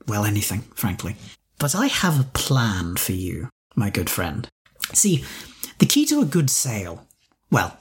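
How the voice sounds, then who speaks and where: A man voicing a shapeshifting beetle-person who is a smooth, scheming salesman with breezy sales patter in a tabletop story game. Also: lowish voice, darkish tone. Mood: coaxing.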